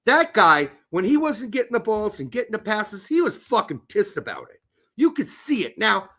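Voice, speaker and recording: A man's voice: high-pitched, very animated, moderate pace, pushed and bright. A man hosting a casual sports talk show, ranting in a heated, profane way. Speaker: podcast host.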